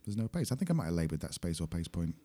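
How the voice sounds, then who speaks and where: A man's voice: low-pitched, sing-song, rapid-fire, warm tone. A man in his forties co-hosting a podcast, chatty and jokey in casual conversation. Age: 40s. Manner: chatty, jokey and self-mocking. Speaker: podcast co-host. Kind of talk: casual chat.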